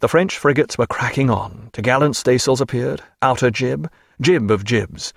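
A man narrates a seafaring novel in a measured, steady reading voice. His pitch sits in a middle range. The recording is dry and close. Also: vocal fry, slightly rough, no room sound. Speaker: audiobook narrator. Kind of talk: scripted narration.

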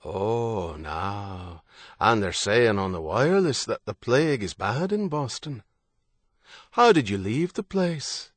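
A man's voice: fairly low pitch, animated, slow pace, no echo, studio quality. A man reading an audiobook, voicing a tall menacing armed leader with a reedy tenor voice who questions coldly. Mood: coldly probing. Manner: cold, probing, unsoftened questioning. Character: menacing armed man in wide-brimmed hat, cold leader.

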